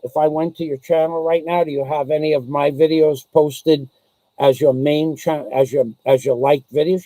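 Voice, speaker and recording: A man's voice: a little high, mellow, no room sound, low-quality recording. A man vlogging to camera, ranting with sarcasm in a casual way.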